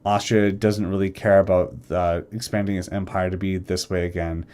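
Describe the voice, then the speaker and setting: Casual low-voiced man on a live stream. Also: flat delivery, a little mellow, clear, resonant tone. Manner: rambling, self-correcting, acts out nations in quick quoted asides. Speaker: streamer discussing a game mod's alternate history.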